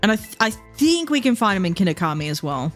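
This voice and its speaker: A young woman livestreaming a game, chatting casually and thinking out loud in a rambling, easygoing way. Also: mid-range voice, very animated, fast, soft background music. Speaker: streamer. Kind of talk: casual gameplay chat while livestreaming.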